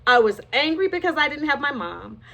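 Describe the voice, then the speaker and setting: A woman's voice: sits high, very animated, brisk, vocal fry, pushed and bright. A woman frankly and emotionally telling her own life story, with rueful laughs along the way. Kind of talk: candid personal testimony.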